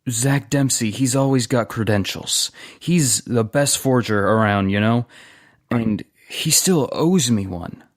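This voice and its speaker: A man's voice: mid-range voice, measured pace, no echo, studio quality, natural voice. A man voicing a weary, ambitious male ex-saboteur who talks earnestly and gets emotional.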